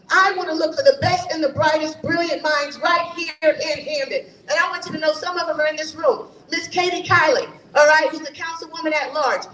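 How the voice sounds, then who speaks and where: A woman's voice: high voice, fairly bright tone, slight background noise. A woman from New Haven speaking as a mayoral candidate at a forum, emphatic and rousing, full of rhetorical questions. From New Haven, Connecticut. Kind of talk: campaign forum speech. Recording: echoey room from far off.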